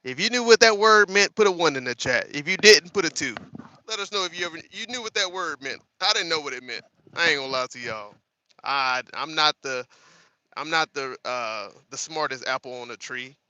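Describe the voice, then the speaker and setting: Male host, 30s, casual stream commentary, animated and laughing, bright lively voice. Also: on the high side, a little fast, no room sound. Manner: animated, laughing, talks to the chat.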